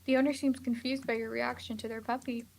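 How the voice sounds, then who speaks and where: Fast-talking and a little high, this young woman streamer has a creaky, darkish voice and a flat delivery as she reads a text horror game aloud over background music. Still, she's playful, laughs a lot, and coos at pets in baby talk.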